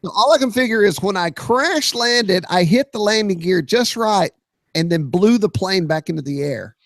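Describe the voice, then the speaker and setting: Male podcast host, lively storyteller, bursts of shouting, bright-pitched, dry studio sound. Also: moderate pace, no room sound. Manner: excitable, shouts sound effects and quoted voices.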